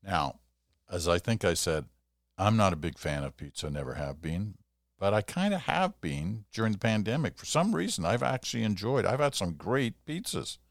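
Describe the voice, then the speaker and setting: A man's voice: on the low side, big pitch swings, moderate pace, vocal fry, no echo, clean studio sound. An older man hosting a solo podcast, chatting in a rambling way with self-deprecating asides. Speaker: podcast host. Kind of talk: casual solo podcast monologue.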